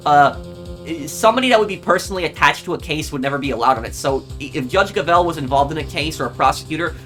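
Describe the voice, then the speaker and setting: A man's voice: fairly high pitch, fairly bright tone. A man giving casual let's play commentary, rambling with frequent ums and stumbling restarts. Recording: game music behind voice.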